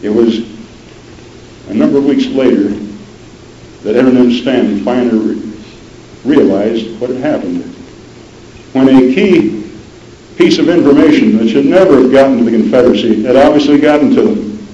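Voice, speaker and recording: In a measured manner, a man recounts a dramatic historical story, frequently dropping his voice low and soft for emphasis. The recording sounds roomy and dull, lo-fi with faint noise.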